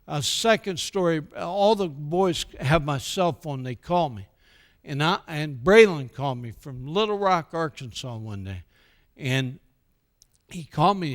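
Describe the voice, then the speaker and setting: A man's voice: a little high, measured pace, creaky. An older American man speaking at a church, telling stories and acting out the quoted dialogue before turning to a sermon-like message. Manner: animated storyteller who acts out quoted dialogue. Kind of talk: storytelling speech with a sermon tone.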